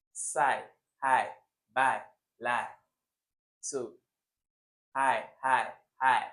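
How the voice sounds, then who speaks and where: Man, young adult, exam tutor, emphatic, repeats and quizzes, medium pitch. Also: a bit bright. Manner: emphatic teacher, repeats words and quizzes the viewer. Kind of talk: recorded exam-prep lesson.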